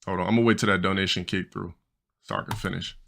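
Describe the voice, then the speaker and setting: 40s dude streaming, gravelly low voice, bright edge, blunt crude storytelling, rambles. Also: male voice, steady tone, quick pace. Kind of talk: casual storytelling on a livestream.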